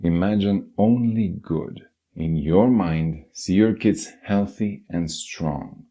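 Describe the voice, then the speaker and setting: Low dark-voiced guy narrating self-help, earnest, talks right at you. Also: slow. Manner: earnest, direct, addresses listener. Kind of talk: scripted motivational narration.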